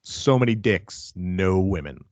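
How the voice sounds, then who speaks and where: A man hosting a casual podcast chat, animated and jokey with plenty of swearing. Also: deep voice, measured pace, no echo. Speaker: podcast host.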